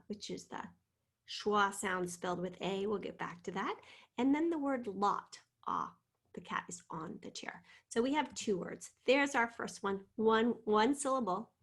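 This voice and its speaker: A woman teaching a spelling lesson, patiently sounding out letters and sometimes dropping to a soft whisper. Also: medium pitch, breathy edge.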